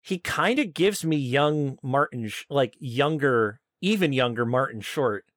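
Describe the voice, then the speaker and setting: A man's voice: medium pitch, lively intonation, a little slow, fairly bright tone, dry recording, studio quality. A man co-hosting a casual comedy podcast, playful and riffing on ideas. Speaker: podcast co-host.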